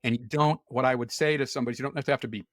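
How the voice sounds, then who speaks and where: A man of middle pitch talks with frank, easy candor. He often doubles his words and laughs as he goes. The sound is close and dry, with no room behind it. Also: steady tone, racing, fairly bright tone, no room sound. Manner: frank, repeats words and restarts, laughs easily. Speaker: podcast guest. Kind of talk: candid conversational chat.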